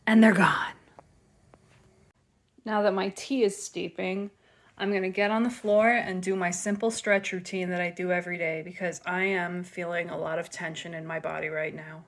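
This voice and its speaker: A young woman talking candidly to her camera at home in a personal vlog, emotional and halting, at times tearful and out of breath. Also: fairly low pitch, flat delivery. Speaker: vlogger. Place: home, kitchen and living room.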